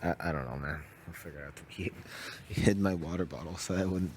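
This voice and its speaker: Very deep-voiced man, laid-back. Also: fairly even intonation, brisk, heavy background noise. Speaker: reality show houseguest. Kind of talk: casual late-night chat.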